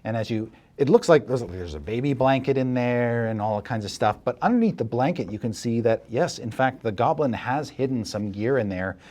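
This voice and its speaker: A man serving as dungeon master, narrating a tabletop game in a relaxed, chuckling way with many fillers. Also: mid-range voice, moderate pace, few pauses.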